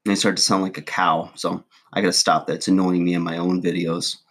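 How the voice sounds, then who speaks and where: Low husky man rambling vlog talk. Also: flat delivery, fairly quick, a bit bright. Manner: rambling, folksy, many fillers like "you know". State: chewing gum while talking. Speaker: fitness trainer and video creator. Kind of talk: casual to-camera vlog talk.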